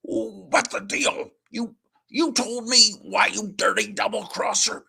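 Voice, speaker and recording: A man voicing a small, gullible male mouse who sounds squeaky and startled in a comic-book reading. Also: steady tone, slow pace, vocal fry, bright, forceful tone, slightly rough, heavily acted. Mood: indignant.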